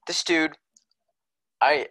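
A man's voice: a little high, extremely slow, pushed and bright, dry recording, low-quality recording. A young man co-hosting a casual sports podcast, laid-back and jokey, rambling a little. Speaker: podcast co-host.

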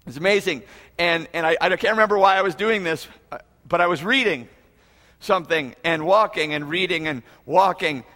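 High-voiced man preaching in a reverberant hall. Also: moderate pace, bright, forceful tone. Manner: earnest, preacherly, repeats phrases for emphasis. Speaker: pastor. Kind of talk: sermon. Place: church auditorium.

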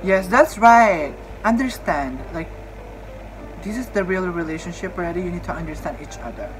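A young woman with a Filipino accent reacting to a show, squealing, swearing and bursting into shouts and laughter. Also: on the low side, expressive, moderate pace, noisy background. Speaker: reaction vlogger. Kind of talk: excited reaction commentary.

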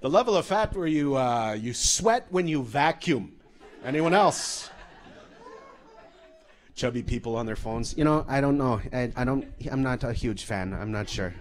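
A man's voice: mid-range voice, a little slow, a faint crowd. Canadian guy doing comedic storytelling, swearing a lot, voice bouncing all over. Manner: loose, profane, animated storytelling. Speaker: comedian and speaker.

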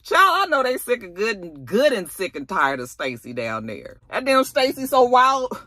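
A young adult woman recapping a TV episode in a sassy, animated, casual way, acting out the characters' lines. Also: fairly high pitch, normal speed, no room sound. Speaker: TV show reviewer.

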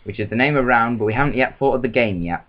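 A man co-hosting a comedy podcast, reading a children's story aloud in slow, deliberate storyteller tones between casual banter. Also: medium pitch. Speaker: podcast co-host. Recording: dull lo-fi podcast audio.

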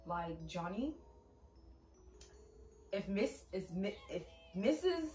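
A woman's voice: medium pitch, big pitch swings, slow, long pauses, dark tone. A young woman vlogger ranting about her pet peeves in a sassy, emphatic way, full of "like". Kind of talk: casual ranting vlog. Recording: echoey room, far from mic, music behind.

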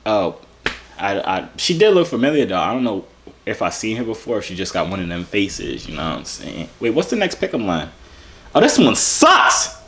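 A man's voice: fairly low pitch, sing-song, brisk, noisy background. Joking young man with a New York accent. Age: 20s.

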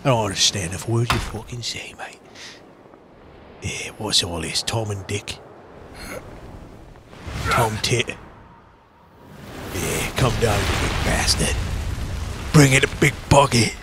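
A man with a croaky voice doing a put-on Cockney accent while giving cocky, swaggering, in-character gameplay commentary as a streamer. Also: lowish voice, takes it slowly, pauses often, background noise. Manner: swaggering, cocky boxer bravado with frequent swearing. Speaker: gaming streamer. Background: game music.

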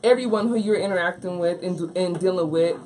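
A woman's voice: fairly low pitch, brisk, a little mellow, faint music behind, poor audio. A woman co-hosting a casual livestream chat, blunt and emphatic, full of slang. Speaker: co-host.

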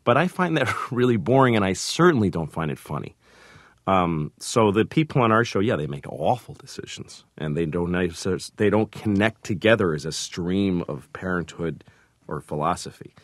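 A man, a comedian, answering interview questions with halting, self-deprecating stories and acted-out quotes. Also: deep voice, lively intonation, dry recording, studio quality. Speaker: comedian and sitcom creator. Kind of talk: interview storytelling.

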